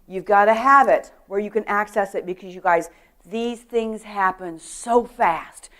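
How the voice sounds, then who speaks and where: A middle-aged woman speaks to a women's church group in an animated way. She tells stories about staying safe, acts out what people said and asks her listeners questions. Her voice sits at an ordinary middle pitch. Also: unhurried. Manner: lively storytelling, acts out quotes, asks the audience questions. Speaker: guest speaker on personal safety.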